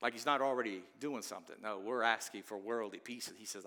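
A man preaching an Easter sermon as a pastor, swinging into loud pleading outbursts between quieter stretches. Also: lowish voice, fast talker. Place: church sanctuary. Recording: long church reverb.

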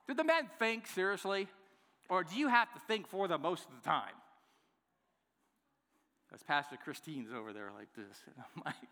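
A man preaching a sermon as pastor, playful and lively, acting out the excuses people give. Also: fairly high pitch, normal speed, long pauses, long reverb tail. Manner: lively, playful, acts out congregants' replies. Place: church worship center.

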